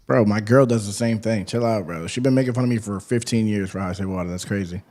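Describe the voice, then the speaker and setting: A man's voice: fairly low pitch, fast talker, darkish tone. A man from New Hampshire with a New England accent, co-hosting a podcast in easygoing, laughing banter. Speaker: podcast co-host. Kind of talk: casual podcast chat.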